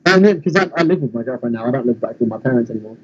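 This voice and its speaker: A man's voice: medium pitch, animated, rapid-fire, a little mellow, breathy edge, highs cut off. A man from England with a London accent, laid-back and casually swearing in a chat. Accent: London English.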